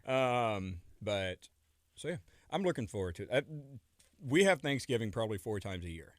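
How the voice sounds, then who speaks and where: Thirties male guest, low-ish voice, loose rambling joker, dry close studio mic. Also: sing-song, normal speed, no echo. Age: 30s. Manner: rambling, jokey, trails off mid-sentence. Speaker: radio guest. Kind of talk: casual chat.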